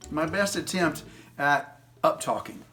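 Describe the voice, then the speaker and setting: Teasing fifties dad giving advice. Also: male voice, on the high side, expressive, unhurried, bright, forceful tone, soft background music. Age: 50s. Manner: teasing, jokey, lecturing. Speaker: advice video host. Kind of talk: casual advice monologue.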